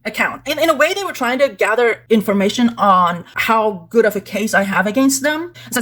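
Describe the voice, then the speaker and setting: A woman's voice: mid-range voice, expressive, fairly quick, hardly any pauses, fairly bright tone. A woman vlogger walking through screenshots in casual, exasperated talk, peppered with "like" and "blah, blah". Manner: indignant, exasperated; conversational, with fillers like "like" and "blah, blah".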